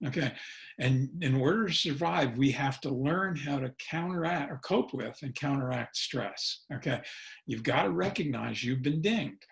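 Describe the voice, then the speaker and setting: Gravelly-voiced folksy man giving a presentation. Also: medium pitch, moderate pace. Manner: folksy, chuckling, peppers talk with "okay?"; acts out sample phone dialogue. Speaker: consultant and educator presenting. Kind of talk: webinar presentation.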